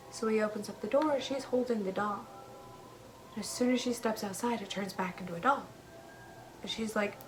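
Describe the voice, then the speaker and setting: A woman casually retelling a spooky story in an animated way, acting out the characters' quoted lines with lots of "he goes" and "like". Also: on the high side, fairly quick, soft background music, low-quality recording.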